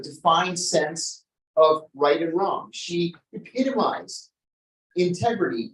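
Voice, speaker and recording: An earnest man delivers a memorial tribute in measured, deliberate phrases. The sound is roomy, as though caught from across a venue. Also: a little high, far from the mic. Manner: earnest, measured, slow emphasis. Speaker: tribute speaker. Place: event venue.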